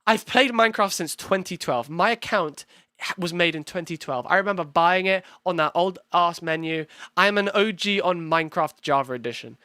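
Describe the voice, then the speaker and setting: A young man reacting to his own video on stream, excitable and swearing, talking in quick bursts. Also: sits high, clean tone, no echo, clean studio sound. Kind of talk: casual reaction commentary.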